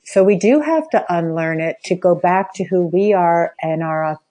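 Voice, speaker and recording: Gentle, affirming older woman coaching. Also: lowish voice, normal speed. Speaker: spiritual life coach, guest. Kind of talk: conversational coaching.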